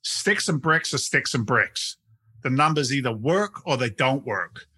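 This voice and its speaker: A middle-aged man from England speaks with a London accent blended with American. His tone is bright and forceful, and he repeats words and restarts sentences as he talks. The sound is dry and close. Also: mid-range voice, lively intonation, unhurried, breathy edge, no echo. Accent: London English mixed with American. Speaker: real estate investment CEO, guest. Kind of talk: casual podcast interview.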